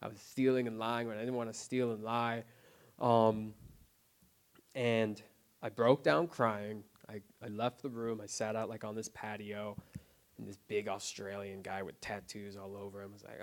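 A man sharing his recovery story in a casual, unscripted way, often quiet and subdued. He talks haltingly, filling his sentences with "like" and "you know what I mean" and restarting his phrases. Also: lowish voice, flat delivery. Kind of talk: personal testimony, casual and unscripted. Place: recovery group meeting.

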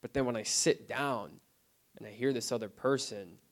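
A man of middle pitch speaks openly about his recovery at a group meeting, in a plain, unpolished testimony. His delivery is halting and filled with "like" and "right?", restarting his sentences as he searches for words. He keeps a low, subdued volume that turns earnest. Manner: halting, full of "like" and "you know what I mean", with restarts. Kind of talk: personal testimony, casual and unscripted.

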